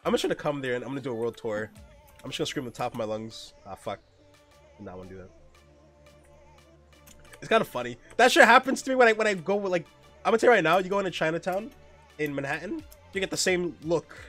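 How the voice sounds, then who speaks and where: A man's voice: on the high side, sing-song, fast, long pauses, a bit bright, faint music behind. A young man streaming a game, chatting casually in a joking, profane way with frequent laughs. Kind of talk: casual gameplay chat.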